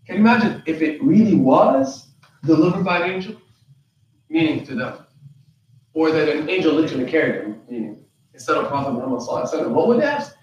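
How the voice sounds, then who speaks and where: A man with a high voice delivers a Qur'an lecture as an imam in a prayer hall. He keeps asking the listeners rhetorical questions and slips into the voices of the people he quotes. The mic sits far from him, and the room is heavily echoey. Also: lively intonation, quick pace.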